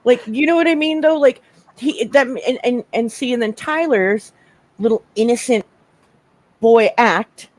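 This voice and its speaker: A woman's voice: on the high side, a little slow, darkish tone. A woman hosting a casual livestream chat, talking emphatically with a lot of swearing and laughter. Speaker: host.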